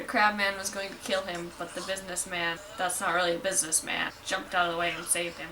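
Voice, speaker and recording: A woman's voice: medium pitch, steady tone, normal speed, far from the mic. A woman giving casual, wry reaction commentary while watching a show, full of "like" and asides. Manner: chatty, lots of "like", wry asides. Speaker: anime reaction vlogger. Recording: voice a bit off-mic with faint noise.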